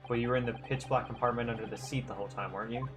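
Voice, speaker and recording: A man voicing an earnest young male defense lawyer, reading his lines in a steady, probing way. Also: mid-range voice, very fast, over music, voice pushed down, natural voice. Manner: steady questioning. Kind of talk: game dialogue read aloud on a stream.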